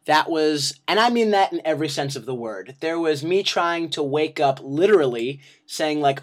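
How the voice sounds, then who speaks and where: A man's voice: a little high, animated, normal speed, few pauses. Profane, self-mocking male storyteller. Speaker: podcast host. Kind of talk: comic personal storytelling.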